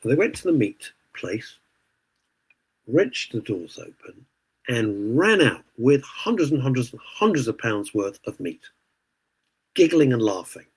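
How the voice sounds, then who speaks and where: A man's voice: mid-range voice, very animated, unhurried, slightly rough, low-quality recording. A man hosting a radio show, ranting indignantly in casual opinionated chat. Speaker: radio host.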